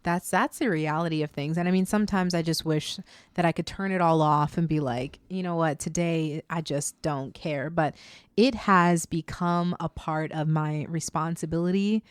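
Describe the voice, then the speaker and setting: A woman's voice: low-pitched, normal speed, smooth, no echo, clean studio sound. A woman news anchor, a guest in a casual interview, telling stories openly and with energy. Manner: candid, animated storytelling.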